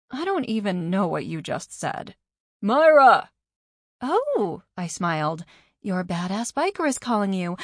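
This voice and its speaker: A woman narrating a first-person novel, voicing the dialogue with lively changes. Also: fairly low pitch, dry recording, studio quality. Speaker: audiobook narrator.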